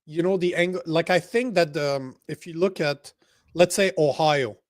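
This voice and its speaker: A man whose first language is French, co-hosting a casual political chat in a blunt, profane, animated way. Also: on the high side, measured pace, no room sound, studio quality. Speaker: podcast co-host.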